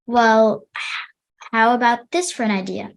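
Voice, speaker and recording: A doting mother dragon from a children's storybook, voiced by a woman reading aloud, pitched well above an already high voice and spoken fairly loud. She fusses over her son in a slow, warm, motherly way. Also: fairly even intonation, gravelly. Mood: encouraging.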